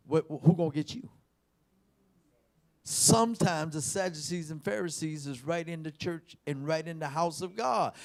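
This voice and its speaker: A man preaching a sermon, emphatic, repeating words and swinging between shouts and quiet asides. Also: fairly high pitch.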